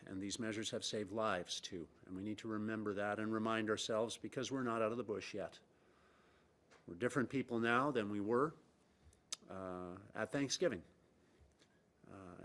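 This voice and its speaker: A middle-aged man with a fairly low voice delivers a formal press briefing statement as a provincial premier. He speaks in a measured way, leans on key words for emphasis and fills his pauses with "uh.". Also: fairly bright tone. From Canada.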